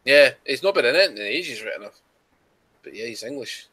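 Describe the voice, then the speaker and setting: A man with a Scottish accent chatting casually, blunt and quick to swear. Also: mid-range voice, expressive, bright, forceful tone, breathy edge, no echo. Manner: blunt, swears, laughs along. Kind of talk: casual chat.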